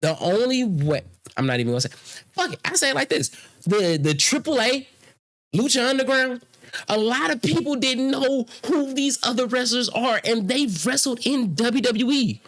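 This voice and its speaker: This podcast co-host has an extremely high, slightly bright voice with lively intonation and a moderate pace. Caught in a heated casual debate, he pushes his point hard, cursing and cutting across the others.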